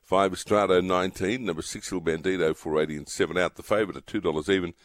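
A very low-pitched man hosts the show, reading the runners and their odds. His delivery is brisk and matter-of-fact. The sound is dry and close to the mic. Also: fairly even intonation, no echo. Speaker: radio host. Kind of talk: reading betting odds on radio.

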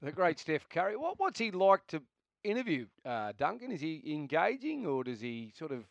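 A man's voice: fairly high pitch, wildly swooping pitch, normal speed, creaky, no echo, highs cut off. A man hosting sports radio, asking questions in a conversational way. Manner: inquisitive, conversational. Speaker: radio host.

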